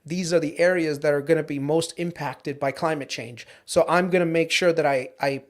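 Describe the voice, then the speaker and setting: Male guest, high voice, casual explainer with lots of fillers. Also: fairly even intonation, moderate pace. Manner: explanatory, full of "you know" fillers. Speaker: podcast guest. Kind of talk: casual chat.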